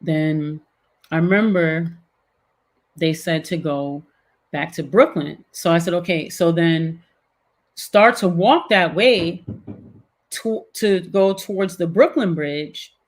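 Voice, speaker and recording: Slow and pausing often, a middle-aged guest with a lowish voice recounts something that happened to her. Her telling is animated, casual and heavy with fillers.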